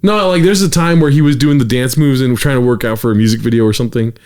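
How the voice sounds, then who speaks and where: A man's voice: medium pitch, fast, clean tone. A young man co-hosting a podcast in casual chat, joking, laughing often and putting on voices. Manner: animated, jokey, laughs often, puts on voices. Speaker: podcast co-host.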